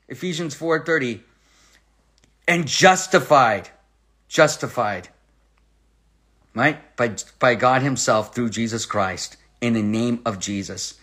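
A man giving sermon-style Bible teaching, reading scripture aloud with slow stress and firing rhetorical questions at his listeners. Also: medium pitch, a bit bright.

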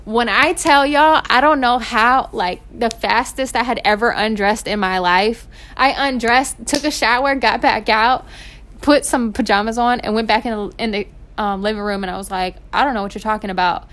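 A young woman, hosting her podcast and telling stories in a casual, animated way. She laughs often and swears freely. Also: fairly high pitch, moderate pace. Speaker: podcast host. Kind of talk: casual storytelling. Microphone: home recording setup.

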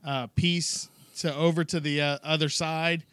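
Bright-voiced man in a dry room. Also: on the high side, flat delivery, measured pace, smooth, dry recording. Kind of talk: casual chat.

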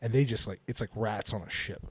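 A man's voice: lowish voice, fairly quick, breathy edge. A man in his forties co-hosting a podcast, telling rambling stories in casual chat and laughing often. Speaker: podcast co-host.

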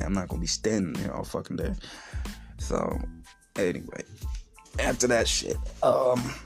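A man hosting a podcast, telling a story in a blunt, profane and animated way, loudly mocking the people he quotes. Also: on the low side. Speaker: podcast host. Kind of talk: casual profane monologue.

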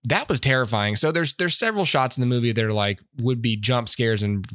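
A man's voice: medium pitch, fairly quick, fairly bright tone, no echo, clean studio sound. A man co-hosting a podcast, chatting casually about a film, rambling and laughing as he acts out his reactions. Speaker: podcast co-host. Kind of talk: casual film-review chat.

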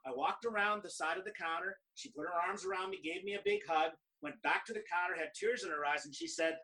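A middle-aged man from Canada, a professional speaker, telling stories in an animated, conversational way and acting out other people's lines. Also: high voice, fast talker, hardly any pauses, far from the mic, poor audio. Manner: animated, quotes others in lively dialogue. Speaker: guest speaker. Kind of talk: conversational storytelling.

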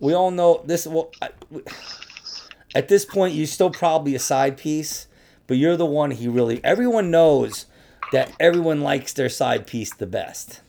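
A man's voice: fairly high pitch, moderate pace, gravelly, mellow. A man co-hosting a podcast, joking around with constant laughter and swearing. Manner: joking, profane, laughs often. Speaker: podcast co-host. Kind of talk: casual podcast banter.

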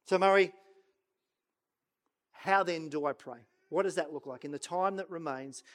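A middle-aged pastor preaches in a fairly high voice for a man. He pushes hard on his points, then drops to a near-whisper for prayers and scripture. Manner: swings between loud urging and hushed, slow prayerful quoting. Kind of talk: sermon.

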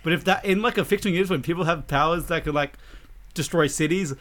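Male co-host, somewhat higher pitch, crude joking banter, casual podcast. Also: fast, fairly bright tone, a little hiss or hum.

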